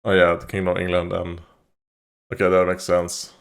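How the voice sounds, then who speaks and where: Reaction host, male, lowish voice; loose, rambling, think-out-loud commentary. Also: completely flat delivery, normal speed, vocal fry. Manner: thinks aloud, rambling with fillers and laughs. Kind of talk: casual commentary.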